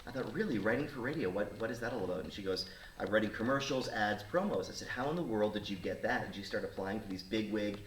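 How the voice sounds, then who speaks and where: Talking fast in a fairly low voice, this radio host in his thirties relates a casual story to his studio audience, animatedly imitating the people he quotes. A far-off mic gives the recording a roomy feel with faint noise.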